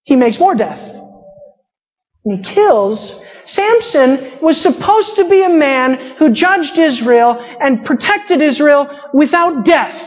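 A woman preaching a sermon, reading scripture and retelling characters in casual paraphrase. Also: high voice. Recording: muffled sound in a reverberant hall.

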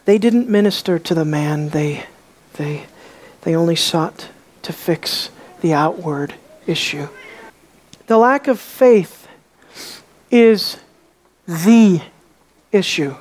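A woman preaching a sermon, emphatic and full of rhetorical questions, dropping to a hush on key words. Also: lowish voice, animated, slow pace, long pauses.

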